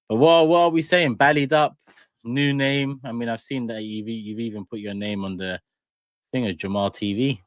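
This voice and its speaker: Laid-back low-voiced man hosting. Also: no echo. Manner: laid-back, slangy, hype-building. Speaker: podcast host. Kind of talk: casual football panel chat.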